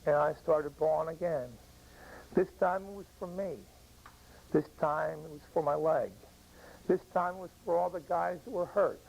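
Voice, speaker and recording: Older male veteran storyteller, gravelly and husky voice, emotional and halting delivery. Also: on the high side, steady tone, a little mellow, poor audio. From United States. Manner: emotional, halting, with long pauses. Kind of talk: personal war story told to an audience. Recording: old radio broadcast recording.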